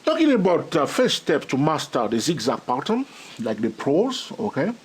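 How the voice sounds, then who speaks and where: Animated husky man teaching trading. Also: fairly high pitch, moderate pace. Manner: repeats "all right?" and "okay?" constantly, laughs often; animated, gets excited about his subject. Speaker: trading educator. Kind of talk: excitable teaching monologue.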